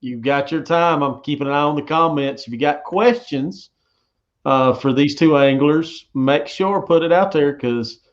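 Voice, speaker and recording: A man's voice: a little high, a little slow. Folksy male host, lo-fi sound. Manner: relaxed, folksy, repeats himself. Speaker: host of a live fishing show. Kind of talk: casual live-stream interview. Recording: dull lo-fi stream audio.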